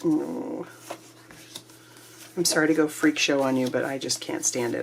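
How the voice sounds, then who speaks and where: A woman hosting a craft kit unboxing, gushing and excitable, sometimes dropping to a breathy whisper. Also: deep voice, measured pace, noisy background. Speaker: crafting channel host. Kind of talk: casual unboxing chat.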